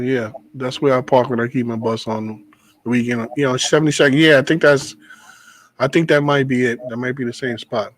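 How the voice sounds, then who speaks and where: A man hosting a casual talk show, a bus driver telling stories in an animated, profane way. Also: mid-range voice, no room sound, poor audio. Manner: animated storytelling, swears freely, laughs. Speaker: podcast host, bus driver. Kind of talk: casual chat.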